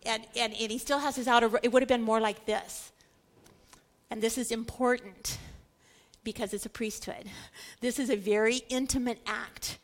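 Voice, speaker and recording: A woman giving an animated scripture teaching, stressing points through repetition and dramatizing the quoted lines. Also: on the high side, normal speed. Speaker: Bible teacher.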